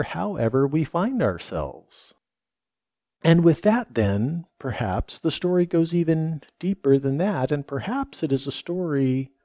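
Slow, gravelly-voiced man preaching a sermon. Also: medium pitch, dark tone, no echo, clean studio sound. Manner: reflective, repeats phrases for emphasis, reads scripture aloud. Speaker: pastor.

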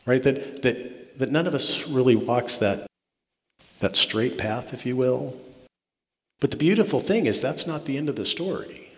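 A man's voice: medium pitch, unhurried. A man preaching a sermon as a pastor, earnest, often restarting words and checking in with "right?". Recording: long reverb of a large hall.

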